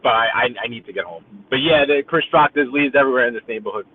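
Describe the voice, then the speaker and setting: Inside his car, a Brooklyn live-stream host with a New York accent rambles on to viewers as he drives. His voice is husky, mid-range, and fast. He's chatty and talkative, heard through tinny, phone-like audio.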